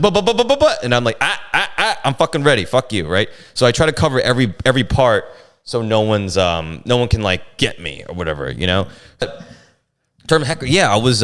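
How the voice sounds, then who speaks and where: A man's voice: low voice, clean tone. A man, a comedian, telling stories about heckled shows in casual chat, acting out the other voices as he goes. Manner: animated, acts out voices in his stories, profane. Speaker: comedian guest.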